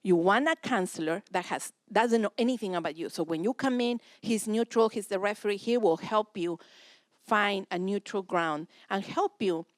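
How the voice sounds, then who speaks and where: A woman's voice: mid-range voice, moderate pace, no room sound, clean studio sound. A woman giving a practical, direct parenting talk at a church seminar. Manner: direct, practical, acts out family dialogue. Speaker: speaker at a parenting session.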